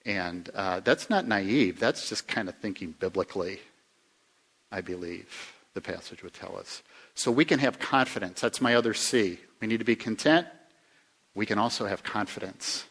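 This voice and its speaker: Speaking at a moderate pace, the pastor talks through his sermon as if in conversation. He asks the audience questions and alternates between forceful rises and soft, low-voiced asides.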